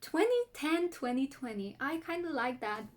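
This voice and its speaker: A woman's voice: high voice, expressive, normal speed, a little hiss or hum. A woman with a non-American English accent, vlogging about books in a chatty, enthusiastic way and reading blurbs aloud. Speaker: book vlogger. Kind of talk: casual chat and reading book blurbs aloud.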